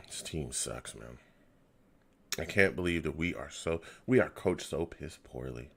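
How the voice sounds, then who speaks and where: A man with a bass voice hosts a live fan reaction show, speaking slowly and animatedly with a creaky, breathy edge. Casual and exasperated, he sighs, mutters, repeats himself and sinks to a near whisper.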